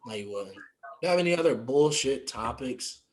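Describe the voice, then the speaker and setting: A man's voice: mid-range voice, lively intonation, a little fast, a little hiss or hum. A young man from West Virginia co-hosting a podcast, chatting casually and jokingly, often trailing off into mumbles. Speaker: podcast co-host. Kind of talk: casual chat.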